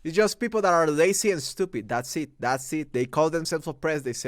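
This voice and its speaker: A man rants through a movie review, his fairly high voice swinging wildly up and down. He swears constantly in a heated, exasperated way. His voice is smooth and resonant, recorded close and dry with no room sound. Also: lively intonation, moderate pace, hardly any pauses, no echo. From Mexico. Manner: heated, profane ranting.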